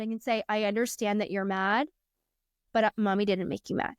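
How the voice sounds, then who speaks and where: Brisk and clear, her medium-pitched, resonant voice barely moves in pitch, recorded dry at studio quality. She's a coach in her thirties guesting on a podcast, telling earnest parenting stories during casual interview talk and acting out her children's lines.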